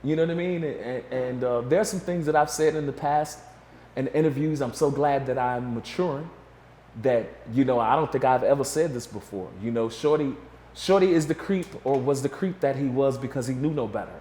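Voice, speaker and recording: A man's voice: medium pitch, a little fast, dark tone, a little hiss or hum. A middle-aged man recounting a story as a guest in an interview, acting out the voices of others as he goes. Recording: echoey room with faint ambience.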